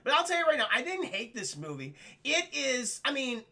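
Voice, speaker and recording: A man streaming a casual spoiler-filled film review to live chat, animated and swearing freely as he acts out scenes. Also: very high-pitched, normal speed.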